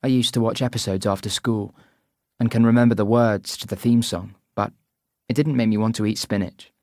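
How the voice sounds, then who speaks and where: A man reading a first-person audiobook narration in an even, measured way. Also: fairly low pitch, no room sound, clean studio sound.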